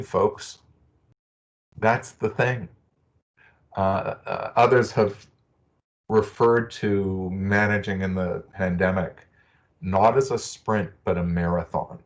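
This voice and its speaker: A man's voice: lowish voice, steady tone, slow, long pauses, lo-fi sound. A middle-aged man giving a webinar talk, earnest and personal, telling stories from his own life. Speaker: presenter. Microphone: video call.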